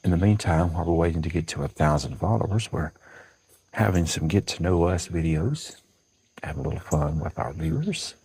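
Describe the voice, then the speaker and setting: Very deep, husky Southern man. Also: expressive, normal speed, mellow, low-quality recording. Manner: chatty, greets viewers by name. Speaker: livestream host. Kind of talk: casual livestream chat. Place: porch outdoors at dawn.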